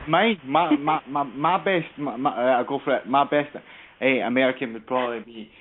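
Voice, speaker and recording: A male caller chats loosely, piling on asides and repeating himself as he goes. His voice has a middle pitch. It comes through a tinny phone line with a faint hiss. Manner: quick, loose and chatty, with asides and repeated phrases. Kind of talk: call-in talk show chat.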